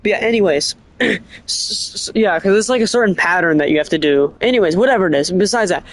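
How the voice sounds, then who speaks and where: An excitable streamer rambling about a game, often stopping mid-thought to correct the story. The voice is middle-pitched and animated. The sound is dry, with little room echo. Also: fairly quick. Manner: rambling, excitable, keeps restarting and correcting itself; animated storytelling with bursts of laughter. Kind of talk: casual streaming chat.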